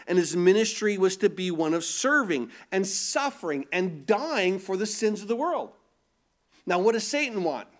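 A man's voice: sits high, very animated, normal speed. A man preaching a sermon, asking his listeners rhetorical questions and often repeating words as he builds his points. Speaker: pastor.

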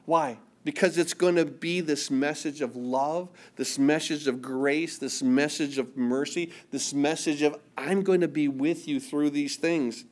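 Male preacher with a slightly high voice, dramatic sermon delivery, plays the voices in the verses he reads. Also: steady tone, a little slow, few pauses. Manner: dramatic, drops to near-whisper for quiet passages; acts out biblical voices, asks listeners "do you understand?".

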